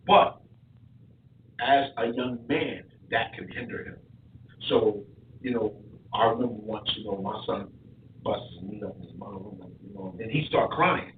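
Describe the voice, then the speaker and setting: A boxing coach chatting casually on a podcast, an animated storyteller who repeats his words. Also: on the low side, measured pace, slight background noise. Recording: echoey room, tinny lo-fi sound from far.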